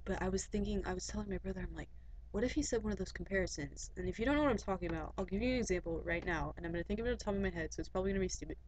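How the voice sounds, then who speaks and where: A woman's voice: on the low side, rapid-fire, hardly any pauses, darkish tone, rough recording. A teenage girl giving a casual, rambling webcam rant, chatty and full of fillers and asides. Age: teens.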